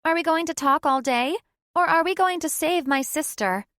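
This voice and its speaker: A woman voicing a cocky young female demon in an audiobook, bright and sassy. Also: high-pitched, moderate pace, no room sound, clean studio sound, pitched above the performer's own voice.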